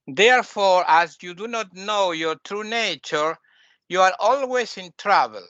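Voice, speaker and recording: Bright-voiced man teaching emphatically. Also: a little high, no echo, highs cut off. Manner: emphatic, repetitive teaching, non-native phrasing. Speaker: spiritual teacher. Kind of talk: spoken lesson.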